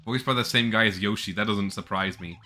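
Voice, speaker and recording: A man's voice: on the low side, fairly quick, bright, forceful tone, faint music behind. A man giving chatty, jokey, casual commentary while playing a video game. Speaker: gameplay streamer.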